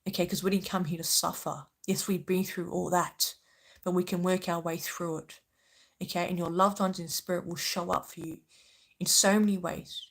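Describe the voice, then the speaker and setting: With a lowish, fairly flat voice touched by vocal fry, this spiritual channel host speaks at a moderate pace. She addresses her viewers with emotional earnestness and passion, frequently pausing to ask "okay?"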